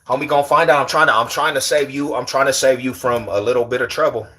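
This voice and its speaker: Male livestream host, slangy, animated, teasing banter. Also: medium pitch, fast talker, a little hiss or hum. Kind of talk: casual livestream chat.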